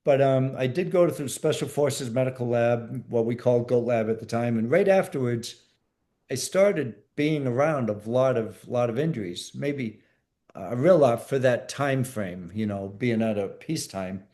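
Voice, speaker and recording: A man recounts his time as a combat medic in a relaxed, mellow voice. He talks plainly, doubling back on words and restarting sentences as he tells the story. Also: mid-range voice, normal speed. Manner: vivid, plain-spoken storytelling with repeats and restarts. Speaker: podcast guest, former Navy SEAL medic. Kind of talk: storytelling interview.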